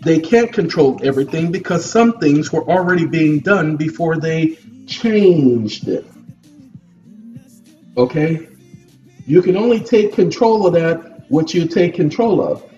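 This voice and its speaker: Man, high voice, lecturing vlogger, repetitive and preachy, dull distant mic. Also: lively intonation, measured pace, darkish tone, soft background music. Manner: repetitive, lecturing, asks "okay?" often. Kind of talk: preachy monologue to camera. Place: at a computer desk.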